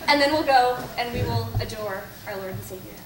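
A young woman speaks casually to a group, telling stories and taking questions in a chatty, self-correcting way. Her voice sits a little high and comes from some distance off the mic. The room is echoey, with a faint hiss behind her. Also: moderate pace. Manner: chatty, storytelling, frequent likes and self-corrections. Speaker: speaker at a young adult faith event. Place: parish hall.

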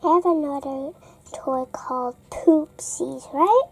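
Slow-talking young girl showing slime. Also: high-pitched, poor audio. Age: child. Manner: chatty, unhurried, drops to soft near-whispers. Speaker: young slime channel host. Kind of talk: casual toy vlog chat. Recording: faint background noise.

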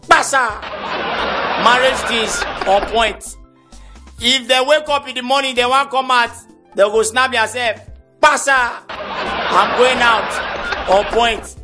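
A Nigerian man doing a stand-up comedy routine in Nigerian Pidgin English, animated and shouting out his punchlines. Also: extremely high pitch, slow pace, long pauses. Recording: comedy CD with music behind.

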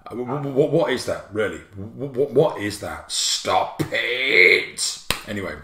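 Male teacher, jokey and animated, livestream spelling lesson, roomy echo. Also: mid-range voice, a little slow, slight background noise. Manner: bouncy, jokey, playful asides.

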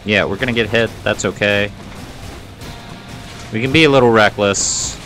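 A man's voice: lowish voice, normal speed, fairly bright tone, soft background music. A man giving playful, self-mocking commentary while playing a video game. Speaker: gaming video host. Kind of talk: let's play commentary.

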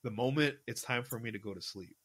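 A man's voice: medium pitch, fast talker, a bit bright. A young man in his twenties, co-hosting a podcast, rambling casually with lots of fillers and restarts. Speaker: podcast co-host. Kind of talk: casual chat.

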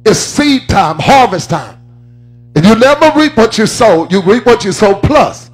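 Male preacher, very high voice, chanting sing-song sermon delivery, faint music underneath. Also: big pitch swings, a little slow.

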